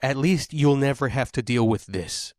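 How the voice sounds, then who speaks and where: Brief: man in his thirties doing a solo stand-up rant, self-deprecating and exasperated, medium pitch, dry close recording. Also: normal speed, a little mellow, no echo. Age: 30s. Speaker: podcast host. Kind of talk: stand-up comedy monologue.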